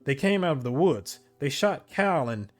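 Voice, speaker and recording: A man voicing a panicked farm tenant in a text game, shrill with fear. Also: expressive, moderate pace, soft background music, lightly acted.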